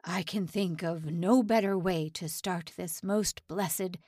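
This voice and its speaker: A woman doing a gentle old man. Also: fairly low pitch, slow pace, dry recording, clean studio sound. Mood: solemn. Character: kindly old male prisoner officiating a wedding.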